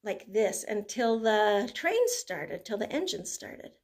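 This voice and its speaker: Older grandmother singing finger plays slowly. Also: medium pitch, big pitch swings. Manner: speaks slowly and warmly to a toddler, breaks into simple songs. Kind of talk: gentle children's sing-along lesson.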